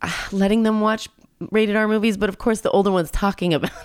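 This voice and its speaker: A woman's voice: mid-range voice, steady tone, quick pace, smooth, no echo, clean studio sound. A middle-aged woman co-hosting a podcast in casual chat, talking in an emotional, chatty way with frequent restarts. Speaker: podcast co-host.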